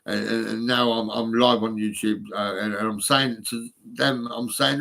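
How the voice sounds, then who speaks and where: A man's voice: lowish voice, fairly even intonation, moderate pace, creaky, hardly any pauses, pushed and bright. A man, talking live on a stream in a rambling way, swearing often, with many fillers and restarts. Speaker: livestreaming vlogger.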